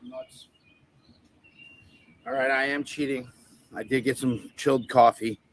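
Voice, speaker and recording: His voice is mid-range with fairly even intonation and a moderate pace, and there's slight background noise. He's a livestream host at an outdoor tented event setup, rambling casually, swearing, telling stories and laughing at his own jokes.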